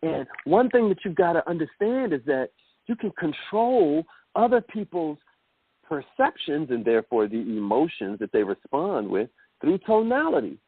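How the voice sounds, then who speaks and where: A man coaching listeners in a motivational call training, animated and calling them millionaires, heard over a phone call. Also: on the high side, normal speed, slightly rough, no room sound. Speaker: self-development coach. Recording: dry tinny phone line.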